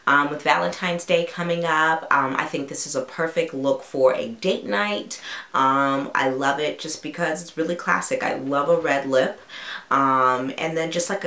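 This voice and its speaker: A young woman with a stuffy, nasal voice from a cold talks through a makeup tutorial. Her voice sits very low for a woman. She chats casually, with plenty of ums and likes. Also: a little slow, a bit bright. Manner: casual, chatty with many fillers. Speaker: beauty vlogger.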